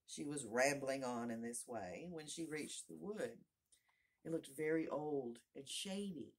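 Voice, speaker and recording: A woman reading a storybook aloud as narrator, in a calm, even manner. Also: rumbling low, unhurried, husky. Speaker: audiobook reader.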